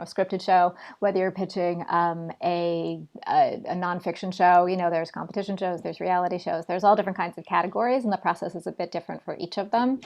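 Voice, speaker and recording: A woman in her forties, a television host and writer, answering interview questions in a fluent, articulate conversational way on a video call. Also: on the low side. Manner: articulate, fluent storytelling with occasional fillers.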